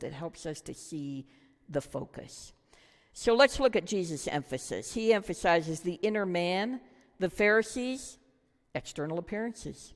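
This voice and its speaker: A woman teaching a Bible study lesson, earnest and reflective, putting questions to her listeners. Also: fairly low pitch. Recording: long hall reverb.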